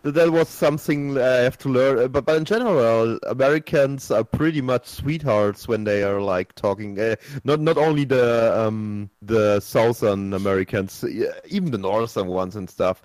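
A man's voice: medium pitch, darkish tone, no echo, poor audio. Casting: German-accented man, casual podcast chat, hesitant, lots of "uh", dry close mic. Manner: halting, many fillers and restarts.

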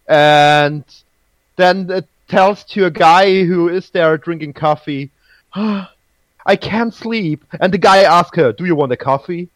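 Slow, halting man with a dry voice. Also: high voice, no echo. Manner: halting, repeats words, laughs often. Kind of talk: casual chat.

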